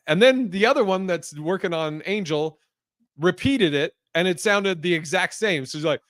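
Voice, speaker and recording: A man's voice: on the high side, expressive, brisk, a bit bright, no echo, clean studio sound. A man hosting a podcast in loose, profane casual chat, laughing as he tells stories. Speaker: podcast host.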